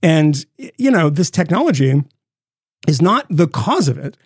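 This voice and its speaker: A man co-hosting a podcast, telling stories in a rambling, profane, animated way. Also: on the high side, normal speed, slightly rough, dry recording, clean studio sound. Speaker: podcast co-host. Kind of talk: casual chat.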